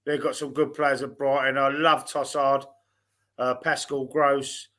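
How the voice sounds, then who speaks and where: A man's voice: medium pitch, level tone, unhurried, sharp tone. A man with a Cockney accent hosting a casual football podcast over a video call, chatty and full of fillers. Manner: chatty, hesitant, drops in fillers. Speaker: podcast host.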